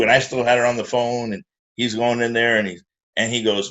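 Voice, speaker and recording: A middle-aged man telling a profane, animated story in casual chat and acting out the voices of the people in it. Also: medium pitch, brisk. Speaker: guest musician.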